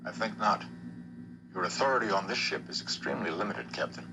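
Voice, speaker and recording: A cool, stern starship officer, voiced by a man with a very deep voice, speaking in calm, measured, formal sentences. He sounds as if he is on an old TV soundtrack, with a clear hiss underneath. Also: lightly acted. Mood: coldly firm.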